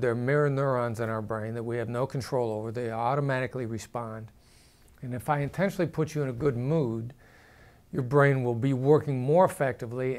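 Calm, measured man explaining negotiation. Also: mid-range voice. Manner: calm, measured, deliberate emphasis. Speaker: negotiation expert. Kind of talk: explanatory talk to camera.

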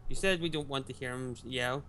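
A man's voice: medium pitch, fairly quick, pushed and bright, soft background music. Dry, teasing male co-commentator. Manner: dry, teasing, playfully argumentative. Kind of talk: casual game commentary.

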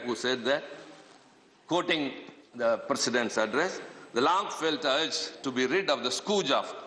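A man's voice: fairly high pitch, sharp tone. A man with an Indian English accent, a member of parliament giving a debate speech, addressing the chair as sir and pressing pointed questions. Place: large parliament chamber. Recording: echoey chamber with long reverb.

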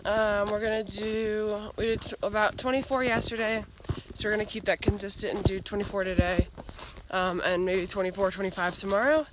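A woman's voice: medium pitch, fairly even intonation, brisk. A young woman with a congested nose and scratchy throat, chatting casually on a hiking vlog, rambling with lots of fillers. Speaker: long-distance hiker vlogger. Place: outdoors on a hiking trail.

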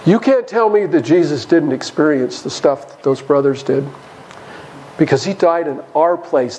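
High-voiced man preaching emphatically. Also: lively intonation, moderate pace, mellow, slight background noise, low-quality recording. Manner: emphatic, chuckles while preaching. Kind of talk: sermon Bible study. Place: church.

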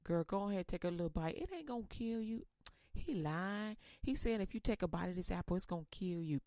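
A woman voicing a sly male devil who whispers and coaxes in a low, hushed, conspiratorial way. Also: animated, a little fast, no echo, clean studio sound, lightly acted. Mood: coaxing.

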